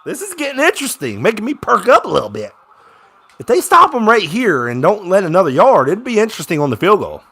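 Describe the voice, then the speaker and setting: A young man reacting to a game as it plays out, talking like a fan on the couch. His voice is bright and lively, rising high and sharp when a play goes his way, then sinking back into muttered complaints. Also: a little fast, breathy edge. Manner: excitable, swings from grumbling to shouting with plays. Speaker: fan commentator watching a live game. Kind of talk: casual live game reaction commentary.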